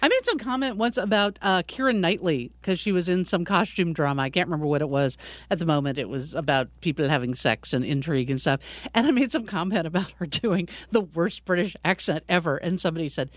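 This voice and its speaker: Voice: medium pitch, expressive, fast, dry recording. A podcast co-host in casual chat, making wry comments with laughing asides.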